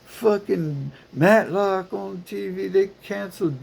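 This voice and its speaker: A man putting on the high, strained voice of a whiny, self-pitying complainer. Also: takes it slowly, creaky, darkish tone, husky, heavily acted. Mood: whining. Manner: high, strained mocking whine.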